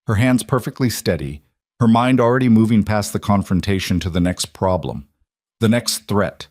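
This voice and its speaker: A man with a low voice narrating a dramatic story in measured, even tones. The recording is dry and close, with no room sound. The reading is steady from line to line. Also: dry recording. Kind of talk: scripted narration.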